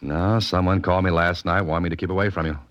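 A wry, self-assured detective in a 1940s radio drama, with a very low voice and a dry, wisecracking delivery. He gives orders coolly. The old broadcast sound is dull and lo-fi. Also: steady tone, fast talker, a bit bright, no echo. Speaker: private detective.

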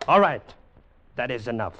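An actor playing a menacing, domineering warlord general, speaking clipped broken English with a contemptuous manner. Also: male voice, mid-range voice, expressive, normal speed, over loud music, close to an everyday voice. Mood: gruff, scornful. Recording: dull lo-fi old film sound with faint hiss.

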